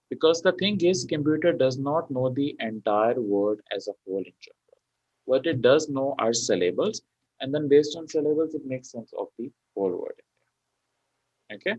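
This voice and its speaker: A man teaching an exam prep class, talking his students through each point with plenty of okays and you-knows. His voice sits in a middle pitch and sounds dry and close, as if over a muffled video call. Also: breathy edge, dry recording. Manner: explains step by step with many fillers like okay and you know. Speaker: PTE exam tutor. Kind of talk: online class lecture.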